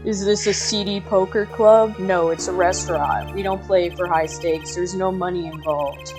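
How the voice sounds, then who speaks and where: A woman's voice: on the low side, fairly even intonation, normal speed, close to an everyday voice. A woman voicing a laid-back male piano player in a fan-voiced game playthrough.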